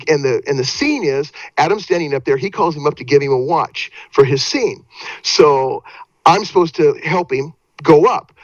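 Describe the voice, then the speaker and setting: Older man, lively storyteller, dry sound. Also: fairly high pitch, no echo. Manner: lively, vivid, trips over restarts. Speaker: guest actor. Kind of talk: animated anecdote storytelling. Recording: dry, slightly dull audio.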